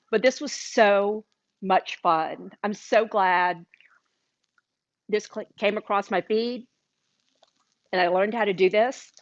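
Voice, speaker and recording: A woman's voice: mid-range voice, dry recording, highs cut off. A woman hosting a live cooking demonstration in a kitchen, chatting enthusiastically with her viewers. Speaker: cooking show host. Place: home-style kitchen. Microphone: livestream camera mic.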